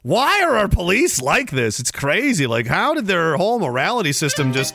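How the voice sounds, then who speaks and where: Sarcastic, profane man with lively high voice. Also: moderate pace, creaky, hardly any pauses, over music. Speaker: livestream host reading chat. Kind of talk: casual ranting livestream commentary.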